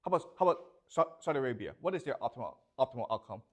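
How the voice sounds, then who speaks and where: Lively lecturing man, always asking "okay?". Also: medium pitch, racing. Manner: constantly checks understanding with "okay?" and rhetorical questions. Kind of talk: classroom lecture.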